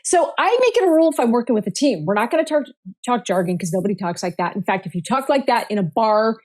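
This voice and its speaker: Upbeat, playful woman with high voice. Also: expressive, quick pace, a little mellow. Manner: playful, upbeat, coins jokey words. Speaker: guest, communication speaker. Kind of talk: lively casual interview chat.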